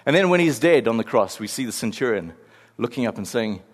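A man preaching a sermon, animated and storytelling, acting out the voices of people he quotes. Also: mid-range voice, brisk. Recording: long hall reverb.

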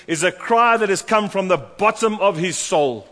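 A man preaching a sermon, animated and storytelling, acting out the voices of the people in his stories. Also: high-pitched, normal speed, hardly any pauses. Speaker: pastor. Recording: long hall reverb.

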